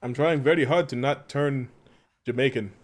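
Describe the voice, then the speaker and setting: A man streaming a game, chatting loosely with his audience at a middle pitch. He swears freely, laughs easily and makes fun of himself. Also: a little fast. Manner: chatty, swears and laughs often, self-mocking. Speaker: live streamer. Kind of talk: casual gaming stream chat.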